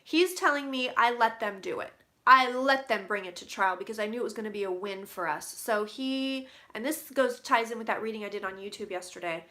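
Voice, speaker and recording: Bright-voiced woman doing a psychic reading. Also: on the high side. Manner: relays what she hears in quick quotes, swearing casually. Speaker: psychic reader. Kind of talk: casual intuitive reading to camera.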